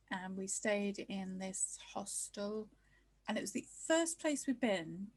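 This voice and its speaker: Woman, co-host; even mid pitch, relaxed chat with quick asides. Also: rough recording. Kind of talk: casual chat.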